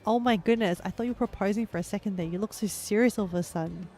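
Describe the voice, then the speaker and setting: Young woman streamer, casual let's-play chatter, giggly and chatty, mid pitch, soft game music behind. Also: fast talker, hardly any pauses.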